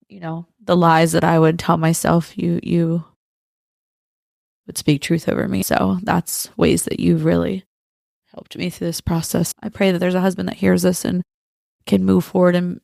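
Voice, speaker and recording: A woman's voice: fairly low pitch, gravelly, darkish tone, no room sound, clean studio sound. A woman co-hosting a faith-based podcast, speaking tenderly and earnestly straight to listeners. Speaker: podcast co-host. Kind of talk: heartfelt faith-based talk.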